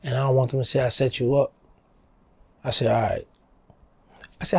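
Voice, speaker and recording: A middle-aged man with a New Orleans accent tells his story in a gravelly, husky voice. He animates the dialogue, jumping up in pitch to act out what people said. The sound is close and dry. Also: moderate pace, long pauses, dry recording. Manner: animated storyteller, acting out quotes in a higher voice. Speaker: interview guest. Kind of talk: casual storytelling.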